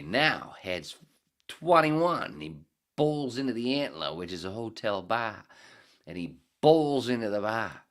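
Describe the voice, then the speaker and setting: In a low-pitched, slightly bright voice, a man rambles through a joke on his podcast, cursing freely and laughing at his own humor.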